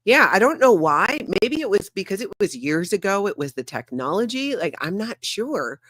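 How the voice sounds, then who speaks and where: A woman in casual livestream chat, excitable and animated, with a projecting voice trained in radio, speaking from her home office on a desk mic. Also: medium pitch, moderate pace, no echo. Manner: excitable, animated, laughs often. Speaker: guest co-host.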